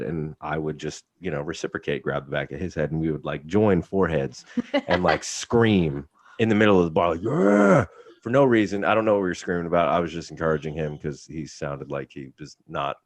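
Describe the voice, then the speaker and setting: Deep-voiced male podcast guest, dry close mic, joking storyteller. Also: fairly quick, no room sound. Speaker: guest, special effects makeup artist and haunt actor. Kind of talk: casual podcast chat.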